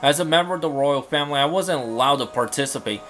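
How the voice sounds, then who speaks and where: A man playing a stern young prince from a fantasy game, formal and quick to scold. He speaks a little high, and faint music plays underneath. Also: fairly bright tone, close to an everyday voice. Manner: scolding, formal, easily exasperated. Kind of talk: fan dub of game dialogue.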